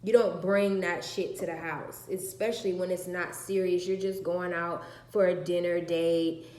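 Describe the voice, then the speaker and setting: A woman with a low voice tells a personal story to the camera in a casual vlog. She is blunt and emphatic, drops into slang and swearing, and acts out what others said. Her voice rings in an echoey room. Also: steady tone, normal speed, a little mellow. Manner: acts out other people's lines in a higher voice. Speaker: vlogger telling a personal story.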